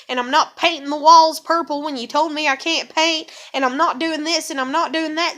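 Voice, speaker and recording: High-voiced woman ranting and swearing. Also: fairly bright tone. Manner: angry, repetitive, swears heavily. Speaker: vlogger. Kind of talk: profane venting monologue.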